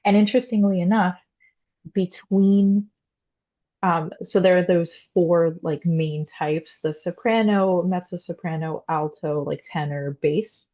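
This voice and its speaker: A woman's voice: lowish voice, measured pace, muffled recording. A young woman, a classically trained soprano, explaining voice types in a casual interview with frequent "um" and "like". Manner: explanatory, many "um" and "like" fillers.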